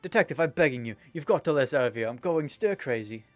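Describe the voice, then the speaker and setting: A man's voice: mid-range voice, animated, fast talker, no room sound, natural voice. A man voicing a nervous young woman who has turned amateur sleuth, with an anxious, pleading manner, over faint game music.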